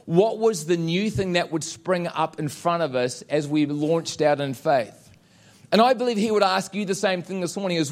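A man preaching a sermon, declaring promises emphatically and pausing for effect. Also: on the high side, expressive. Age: adult with children. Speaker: pastor.

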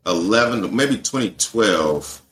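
A man from Atlanta, a guest on a podcast, talking in a halting, casual way with many pauses and fillers. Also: lowish voice, animated, fairly bright tone. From Atlanta, USA. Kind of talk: casual conversational interview.

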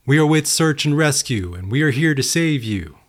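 A man's voice: on the high side, lively intonation, moderate pace, voice pushed up. A man voicing a rescue crewman announcing from a helicopter. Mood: firm. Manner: firm, announcing. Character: search-and-rescue crewman on a loudspeaker.

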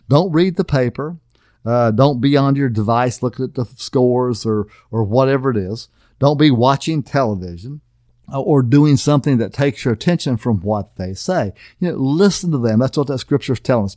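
A middle-aged pastor delivers a casual sermon on marriage in a folksy, plain-spoken way, often checking in with "okay?". His mid-range voice has a darkish tone, and the dry recording is studio quality.

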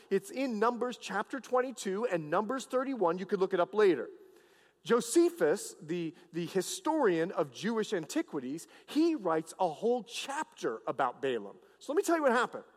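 A male pastor preaching a sermon, telling a story with lively acted-out dialogue. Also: sits high. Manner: animated storytelling, acting out characters. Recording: long hall reverb.

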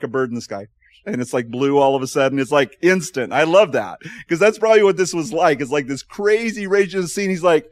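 Guy pastor preaching, animated storyteller, laughs a lot, dry close sound. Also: medium pitch, dry recording. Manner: animated storytelling, laughs often, acts out quotes. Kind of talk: sermon.

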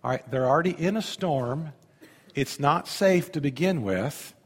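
Husky-voiced man preaching in a reverberant hall. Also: a little high, unhurried. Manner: conversational, asks the audience questions. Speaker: pastor. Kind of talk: sermon.

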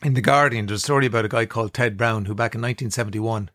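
A man's voice: lowish voice, very fast, a bit bright, dry recording, clean studio sound. A man in his fifties with an Irish accent, hosting a radio talk show in casual chat. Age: 50s. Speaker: radio host.

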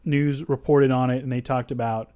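A man hosts a podcast in an easygoing, conversational way, drifting into asides and restarting his thoughts. His voice sits at a middle pitch. The recording is dry and close. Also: fairly even intonation, normal speed, mellow, clear, resonant tone, dry recording. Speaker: podcast host. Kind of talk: casual podcast discussion.

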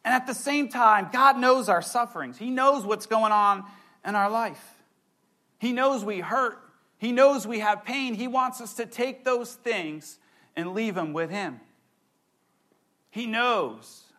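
A young man preaching a sermon, excitable and animated, with playful asides. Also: high-pitched, slow pace. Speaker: pastor.

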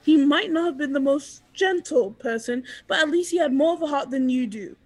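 A woman's voice: high voice, animated, normal speed, darkish tone. A woman voicing a blunt, loyal female coworker in an audio drama, speaking in a scolding manner.

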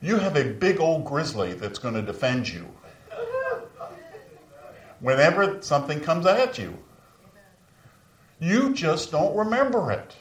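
A pastor in his sixties delivers a sermon, his pitch swinging widely as he tells stories and raises his voice for emphasis. He speaks at a measured pace with frequent pauses. The sound is echoey, as if he stands far from the microphone.

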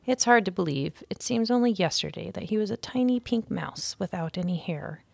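A woman's voice: mid-range voice, lively intonation, normal speed, vocal fry, no room sound. A woman voicing a worrying mother mouse in a storybook reading. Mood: worried. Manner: anxious, fretful.

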